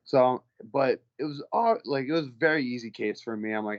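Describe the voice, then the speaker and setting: A man's voice: mid-range voice, a little fast, hardly any pauses, highs cut off. A male professional fighter being interviewed, telling stories in a loose, profane, casual way. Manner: loose, profane, acts out the people in his stories. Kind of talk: casual storytelling.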